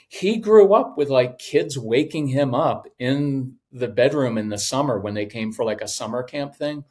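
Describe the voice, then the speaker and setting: A middle-aged man, a podcast guest, telling stories in a conversation and acting out voices in his anecdotes. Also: medium pitch. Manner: animated, acts out voices in anecdotes. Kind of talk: storytelling in a conversation.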